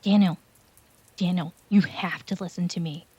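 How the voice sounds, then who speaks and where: A woman's voice: on the low side, fairly even intonation, normal speed, a little mellow, breathy edge, dry recording. A woman voicing a frantic, wounded mother who pleads urgently with her son in a dream, in a told horror story. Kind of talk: storytelling narration. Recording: dull lo-fi home recording.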